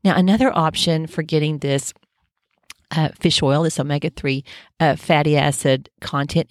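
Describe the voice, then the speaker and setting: A woman's voice: low-pitched, fairly even intonation, normal speed, no room sound, clean studio sound. A middle-aged woman giving an informal health talk in a conversational, reassuring way, with frequent fillers. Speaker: health educator.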